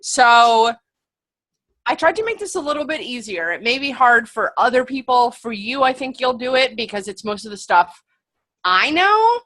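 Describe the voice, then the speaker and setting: Bright-voiced young woman teasing her co-host. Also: fairly high pitch, sing-song. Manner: teasing, quick comebacks. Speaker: podcast co-host, trivia quizmaster. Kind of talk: casual chat.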